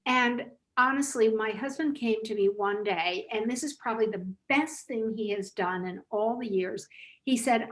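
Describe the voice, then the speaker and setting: Older woman guest, lively storyteller with a light laugh, speaking over a video call. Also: fairly high pitch, moderate pace, low-quality recording. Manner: lively, laughs while telling anecdotes. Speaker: author and business founder, guest. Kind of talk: storytelling interview answers.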